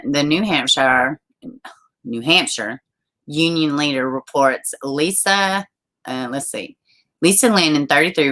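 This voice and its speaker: Woman live-stream host, low voice, chatty, laughs a lot, reads comments aloud. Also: pushed and bright. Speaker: livestream host. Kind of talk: casual live-stream chat and news reading.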